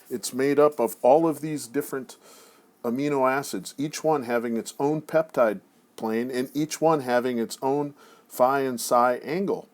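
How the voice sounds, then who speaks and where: A man giving a casual recorded lecture, talking in a relaxed, chatty way with frequent self-corrections and asides. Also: mid-range voice, unhurried.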